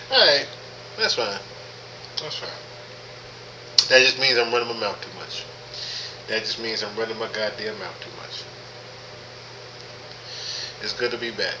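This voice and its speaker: A man's voice: fairly low pitch, lively intonation, measured pace, pauses often, background noise. A man hosting a live podcast stream, talking casually with lots of profanity, repeating himself and greeting chat viewers by name. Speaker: podcast host.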